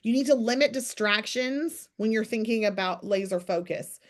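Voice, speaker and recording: Woman, fairly high voice, chatty, direct, motivational coaching, casual call talk over a video call. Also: moderate pace. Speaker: team leader hosting a morning business call.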